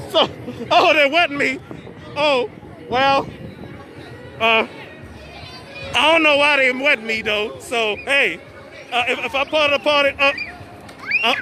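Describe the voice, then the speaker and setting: Stammering high-voiced man hosting a live stream. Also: slow, long pauses, sharp tone, a little hiss or hum. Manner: stammering, repeats words, chatty. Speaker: host of a live stream show. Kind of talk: casual live-stream commentary. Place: outdoor birthday party. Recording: phone recording outdoors, party music and crowd. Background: music and children at a party.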